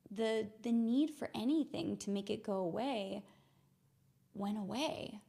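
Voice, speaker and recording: A young adult woman hosting a mindfulness podcast, telling a personal story in an earnest, reflective way and slowing down to stress key words. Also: mid-range voice, vocal fry, warm tone. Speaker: podcast host.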